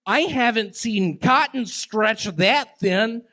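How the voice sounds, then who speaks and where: A man's voice: sits high, animated, sharp tone. A man doing rambling, absurd stand-up and banter on a comedy club stage with a handheld mic. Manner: drawling, rambling and absurd, slow and halting. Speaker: stand-up comic guest.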